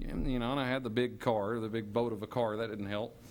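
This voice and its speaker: A man telling a personal story in a lively way, stammering and restarting as he goes. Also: lowish voice, brisk. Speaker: storyteller giving a testimony.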